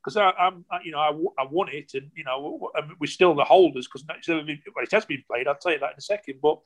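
A man's voice: on the high side, fast talker. Older guy, ex-footballer reminiscing, chatty and rambling, keeps saying you know. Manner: animated, rambling, fills with "you know" and restarts. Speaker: former professional footballer, guest. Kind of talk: casual storytelling interview.

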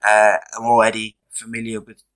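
A man hosting a casual podcast interview, relaxed and chatty with many fillers, his voice going hoarse. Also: fairly low pitch, normal speed, rough recording. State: losing his voice. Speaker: podcast host.

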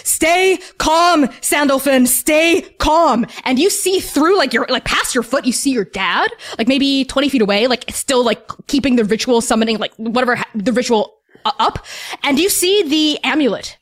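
Woman game master, slightly high voice, casual rambling narration, lots of fillers. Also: lively intonation, a little fast.

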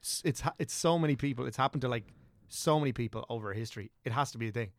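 Brief: young Irish man, podcast guest, gravelly voice, dry close mic, loose rambling talker. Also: medium pitch, quick pace, dry recording. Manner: rambling, self-correcting, chatty. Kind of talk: casual podcast chat.

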